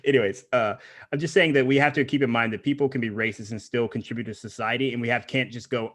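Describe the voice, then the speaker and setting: Fast-talking male podcast host. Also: medium pitch, expressive, fairly bright tone. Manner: fast, chatty, laughs often. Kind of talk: casual podcast conversation.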